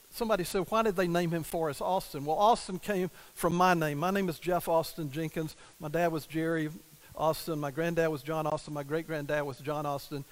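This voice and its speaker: A man's voice: a little high, low-quality recording. An older man preaching a sermon, telling a family story and acting out the quoted dialogue. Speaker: pastor.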